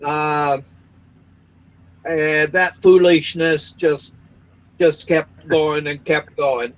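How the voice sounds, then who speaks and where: High-voiced American man, halting talk. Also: steady tone, a bit bright, poor audio. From Pacific coast of the United States. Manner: halting, repeats words, many fillers. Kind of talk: casual voice chat.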